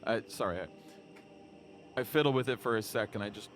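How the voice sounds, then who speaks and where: A man playing a tabletop game, chatting casually and interrupting himself. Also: fairly low pitch. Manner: slow, laughing, self-interrupting. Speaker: player.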